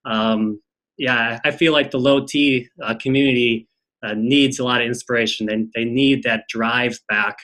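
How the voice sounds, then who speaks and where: A man's voice: medium pitch, fairly even intonation, measured pace, fairly bright tone. Upbeat male podcast host. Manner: upbeat, encouraging. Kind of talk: casual interview. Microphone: remote call.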